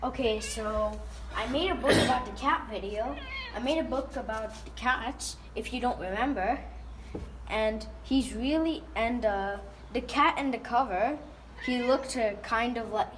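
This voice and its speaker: Pet vlogger, female, slightly high voice, doting, chatty, filmed in a roomy space from a distance. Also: unhurried. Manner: chatty, doting, with frequent fillers and restarts. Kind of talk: casual narration while filming her cat. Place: at home near a backyard. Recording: roomy, distant mic, noisy background.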